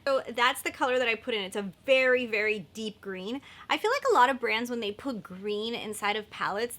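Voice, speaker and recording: Bubbly makeup vlogger lady, bright and kinda high voice, says "like" and "oh my god" constantly. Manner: gushing, enthusiastic, many fillers like "like" and "oh my God". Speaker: beauty vlogger. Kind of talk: casual makeup product chat.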